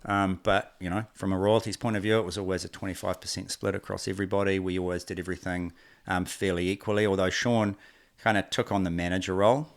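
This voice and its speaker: Speaking in a low voice at a quick pace, a New Zealand man in his forties, a company co-founder, guests on an interview. He rambles through stories in a relaxed way, performing the lines of the people he quotes.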